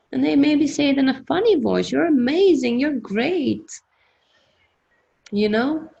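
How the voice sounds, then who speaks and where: A woman leading a workshop through a guided self-hypnosis exercise, coaching in a gentle, encouraging, repetitive way. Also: on the low side, vocal fry, poor audio. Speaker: workshop leader.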